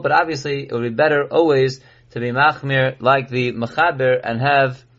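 A rabbi giving a recorded Torah class, reading Hebrew text and explaining it in English. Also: male voice, mid-range voice, a bit bright. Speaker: rabbi teaching halacha. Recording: dull lo-fi recording.

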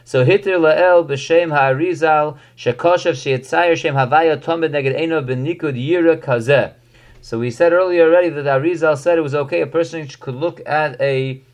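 Casting note: rabbi, somewhat high voice, reads Hebrew text then explains it. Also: male voice. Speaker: rabbi teaching halacha. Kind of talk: lecture reading and translating a text.

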